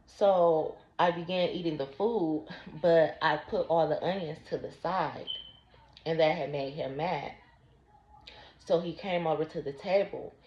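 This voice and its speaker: Woman vlogging her own story, low-ish voice, slow and careful, roomy muffled audio. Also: darkish tone, a little hiss or hum. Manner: slow, deliberate recounting. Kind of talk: personal storytelling. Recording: roomy, dull lo-fi sound.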